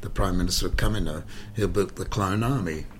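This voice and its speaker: Aussie actor guy rambling through his stories, lowish voice, faint room hum. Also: brisk. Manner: animated anecdotal storyteller, repeats words, rambles. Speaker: actor and interview guest. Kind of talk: conversational interview, storytelling.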